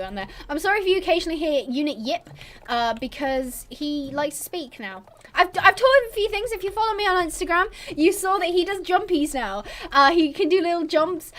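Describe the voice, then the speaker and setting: Young woman streamer with a high voice, chatty and rambling, reads chat aloud and laughs often. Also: fairly bright tone. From born abroad on a military base, British. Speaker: livestream host. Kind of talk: casual livestream chat.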